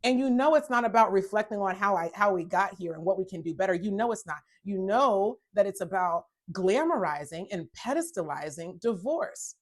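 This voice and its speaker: A woman's voice: mid-range voice, lively intonation, normal speed. A woman hosting a self-help talk, speaking emphatically, repeating phrases for stress and growing heated when she is upset. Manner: emphatic, repeats phrases, addresses listeners as y'all; gets worked up and loud when upset. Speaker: host.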